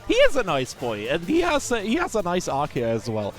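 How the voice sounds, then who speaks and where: A man doing live esports commentary on a fighting game from the tournament venue, excitable, chatty and jokey. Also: high voice, a little fast, faint music behind.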